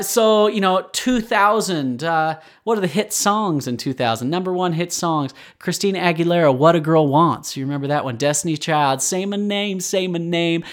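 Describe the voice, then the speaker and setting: A man in his twenties hosting a history podcast, chatty and rambling, often correcting himself and sounding a bit tired late at night. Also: on the high side. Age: 20s. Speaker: podcast host. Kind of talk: casual history podcast talk.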